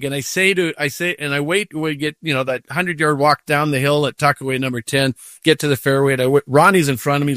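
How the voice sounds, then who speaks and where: An older man, a professional golfer as guest, telling a story casually in an animated way, acting out what he said to himself. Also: fairly high pitch, dry recording, clean studio sound. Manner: animated storytelling with acted-out inner voices.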